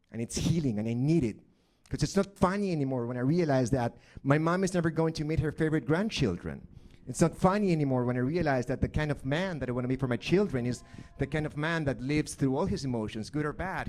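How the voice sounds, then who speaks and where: A middle-aged man from Argentina, telling a deadpan, dark personal story in stand-up. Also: medium pitch. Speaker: stand-up comedian. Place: live comedy stage.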